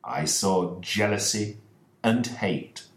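A man voicing a calm, precise detective who explains things in a measured way, in an audiobook story. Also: low voice. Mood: explaining. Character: calm, precise male detective, middle-aged. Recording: roomy echoing recording.

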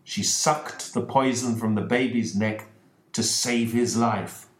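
A calm, precise detective with a low voice and a slow, measured delivery, as read by a male narrator. His pitch moves expressively, and the recording sounds roomy and echoing. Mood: explaining. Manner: measured explaining.

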